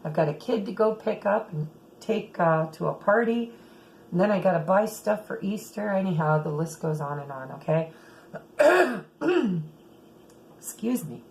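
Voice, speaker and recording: A middle-aged woman giving a chatty tarot reading, often checking in with "okay", her throat a little rough. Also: lowish voice, normal speed, a little mellow, slight background noise, rough recording. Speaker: tarot reader. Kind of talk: casual tarot reading monologue.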